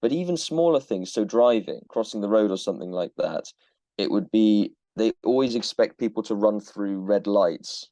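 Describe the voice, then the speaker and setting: A man's voice: fairly low pitch, normal speed, warm tone, no echo. A man from Cornwall, a tutor being interviewed, answering thoughtfully with frequent restarts. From Cornwall, England.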